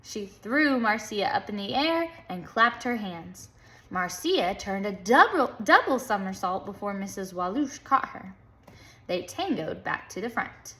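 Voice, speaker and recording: A woman reading a children's book aloud in a lively, playful way, chanting the rhythm sounds. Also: medium pitch, measured pace. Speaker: storybook reader.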